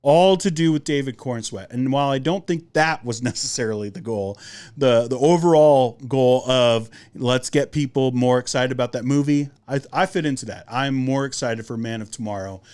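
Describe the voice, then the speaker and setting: A young man hosting a podcast, giving a casual, rambling movie review with lots of fillers and animated jumps in his voice. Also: medium pitch, moderate pace, clean tone. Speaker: podcast host.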